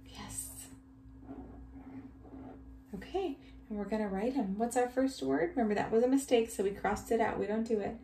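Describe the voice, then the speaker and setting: A woman teacher giving a recorded reading lesson to young children, reading each line slowly and praising often. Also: on the high side, warm tone. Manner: slow, exaggerated reading aloud with cheerful praise. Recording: echoey room, faint background hum.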